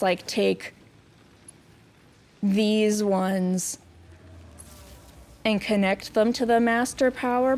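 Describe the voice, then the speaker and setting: A young woman streaming a building game, chatting with viewers in a goofy, self-mocking way and giggling often. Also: medium pitch. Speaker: VTuber streamer. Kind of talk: casual game stream chat.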